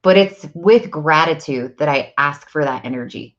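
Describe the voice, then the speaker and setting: A woman's voice: sits low, expressive, normal speed, muffled recording. A woman, an energy practitioner and coach, talking casually and at length, rambling with many fillers like "like" and "um". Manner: chatty, rambling, many likes and ums. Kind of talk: casual spiritual talk to camera.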